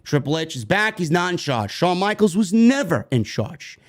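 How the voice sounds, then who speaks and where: High-voiced man giving sarcastic wrestling commentary. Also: very animated, moderate pace. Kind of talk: commentary reading interview quotes.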